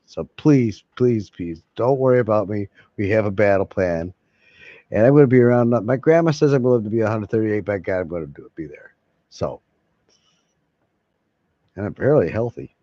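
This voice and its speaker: A vlogger rambles casually to his viewers, swearing freely and chuckling between thoughts. He has a warm, mid-range male voice. The recording has no room sound but a dull, lo-fi quality.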